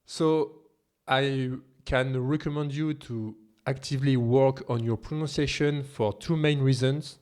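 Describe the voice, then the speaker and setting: A man's voice: medium pitch, fairly even intonation, measured pace, a little mellow, clean tone. A man with a French accent, a native French speaker, teaching a language lesson in an emphatic tone with rhetorical questions. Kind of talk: scripted video lesson.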